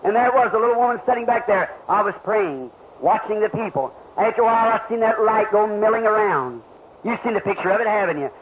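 A man's voice: high-pitched, animated, a little fast. A man preaching a revival sermon to a crowd, telling healing stories and asking the listeners questions. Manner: fervent, storytelling, asks the crowd questions. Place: large meeting hall. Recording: dull lo-fi archival tape with hiss.

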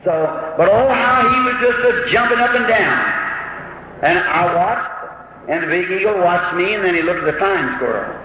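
A fervent preacher with a high, lifted voice tells his story, the emotion pushing it higher still. The old recording is muffled and thick with hiss. His words ring out through a large hall with a long, heavy echo. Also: lively intonation, unhurried. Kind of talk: storytelling sermon.

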